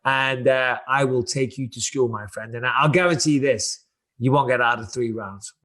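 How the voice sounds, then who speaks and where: A man's voice: medium pitch, moderate pace, fairly bright tone. A man in his forties hosting a podcast, talking in a blunt, profane, challenging way. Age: 40s. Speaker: podcast host. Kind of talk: casual podcast chat.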